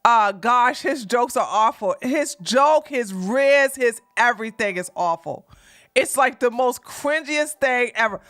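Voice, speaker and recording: A woman streamer reacts live to a clip, mocking it and laughing, now and then breaking into shouts. Her voice sits high and bright, and her pitch swings widely as she goes. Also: animated, measured pace.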